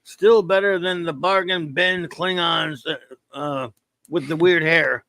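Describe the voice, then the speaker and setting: A man's voice: on the high side, steady tone, takes it slowly, gravelly, bright, forceful tone, no echo. A man hosting a casual live-stream review, rambling and joking as he reads viewer chat aloud. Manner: rambling, joking, stumbles over words. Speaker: show host reading viewer chat.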